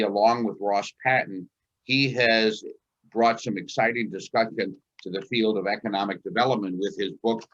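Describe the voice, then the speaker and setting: A man's voice: on the low side, a bit bright. A man hosting a virtual event, introducing the keynote speaker in a friendly way over a video call. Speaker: event host. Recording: dull, lo-fi call audio.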